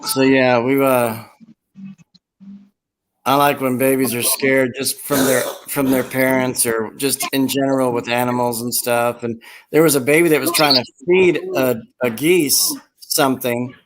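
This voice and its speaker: Casting: man, mid-pitched, rambling storyteller, casual podcast chat. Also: fairly even intonation, a little slow, slight background noise, low-quality recording. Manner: rambling, laughs at own stories.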